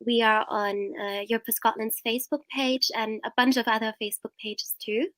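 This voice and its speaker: A woman hosts a live-streamed interview over a video call, her voice a little high and close and dry. She speaks in a friendly, loose manner, with plenty of ums along the way. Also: fairly even intonation, a little fast, a bit bright, dry recording. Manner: friendly, with fillers and little laughs. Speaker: interviewer and host. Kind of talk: live online event hosting.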